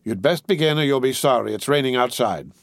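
A man's voice: medium pitch, animated, brisk, dry recording, clean studio sound, natural voice. A man reading aloud, voicing a stern police officer who gives orders. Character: gruff male police officer, commanding.

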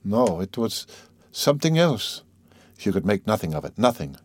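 A man narrating a literary audiobook in a measured, steady way. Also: fairly low pitch, no echo, studio quality.

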